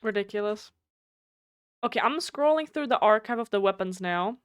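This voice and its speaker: This game streamer is a talkative woman whose German accent shows through her smooth, clear, slightly nasal voice. She speaks at a moderate pace in an expressive mid-range tone, recorded close and dry on a desk mic. Her casual stream chat is blunt and full of swearing.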